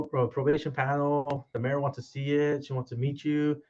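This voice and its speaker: A man's voice: mid-range voice, fairly quick. A man, a podcast guest, telling his life story casually and acting out quoted dialogue as he goes. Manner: animated retelling with quoted dialogue. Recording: dull, lo-fi sound.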